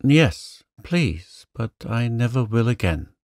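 A man's voice: mid-range voice, big pitch swings, slow pace, darkish tone, no echo, studio quality. A man voicing a mischievous, charming young man in a storybook reading, playful and coaxing.

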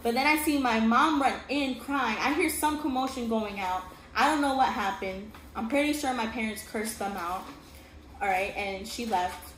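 A woman's voice: fairly high pitch, moderate pace. A young woman telling a painful personal story in earnest, often checking in with "okay?". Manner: earnest, repeats "okay?" to the listener. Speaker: vlogger telling her story. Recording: echoey room with steady noise.

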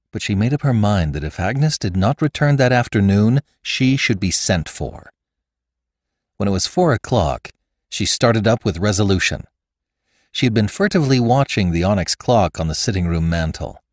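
A man narrating a classic story in a measured, expressive way on a close studio mic. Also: fairly low pitch, dry recording. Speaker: podcast narrator. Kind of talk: audiobook narration.

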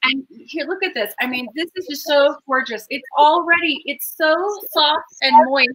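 A woman with a high, bright, ringing voice hosts a cooking show from her home kitchen. She rambles cheerfully and gushes over the ingredients as she cooks and talks. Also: moderate pace, low-quality recording. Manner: chatty, rambling, enthusiastic about food. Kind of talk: casual cooking chat.

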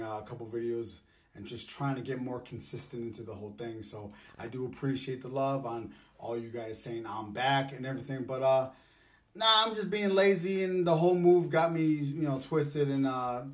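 A man hosting a casual mukbang vlog, talking in a loose, joking way that rambles with fillers. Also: mid-range voice. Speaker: host.

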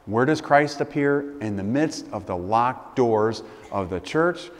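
A man's voice: mid-range voice, lively intonation, a little slow. A man preaching a sermon as a priest, asking questions and building emphatic lists. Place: church. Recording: long church reverb.

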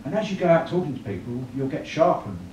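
A man's voice: a little high, sing-song, fast talker, highs cut off. A man giving a church evangelism talk, chatty, often asking the room tag questions. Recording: echoey room, mic far off, clear noise.

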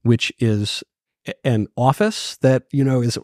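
A man's voice: mid-range voice, darkish tone, dry recording, clean studio sound. A man talking as a guest on a podcast, joking wryly and speaking his mind in casual conversation. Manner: wry, quick to joke.

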